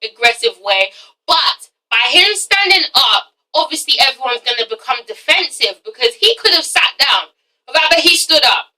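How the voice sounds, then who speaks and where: A woman reviewing a TV episode in a casual vlog, animated and swearing freely, often breaking into laughter. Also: high voice, moderate pace, distant mic, rough recording. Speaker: TV show reviewer.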